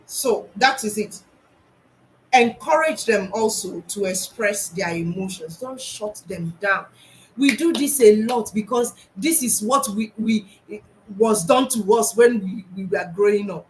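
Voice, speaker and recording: A woman's voice: mid-range voice, a little slow, slight background noise, low-quality recording. A woman school psychologist, talking earnestly to teachers about classroom practice, often restarting and repeating her points.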